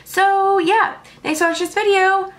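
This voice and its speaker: A woman's voice: extremely high pitch, fairly even intonation, normal speed, a bit bright. A young woman in her late teens telling stories to camera in a chatty, filler-heavy way, filming at home at night. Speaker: vlogger. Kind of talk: casual storytelling to camera.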